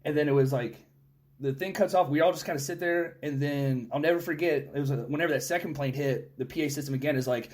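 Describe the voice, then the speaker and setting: A man in his thirties, a podcast host, telling stories in casual chat, excitable and swearing, with lots of "like". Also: a little high, fast talker. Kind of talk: casual storytelling.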